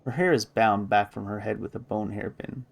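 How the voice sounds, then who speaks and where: A man's voice: on the low side, normal speed, vocal fry. A man streaming a video game, reading its story text aloud with musing asides.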